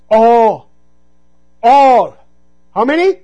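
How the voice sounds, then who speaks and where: A man preaching a sermon, telling a personal story and calling out to the congregation, sometimes dropping to a hush for emphasis. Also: very high-pitched, animated, a little slow, muffled recording. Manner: storytelling, call-and-response "Amen?".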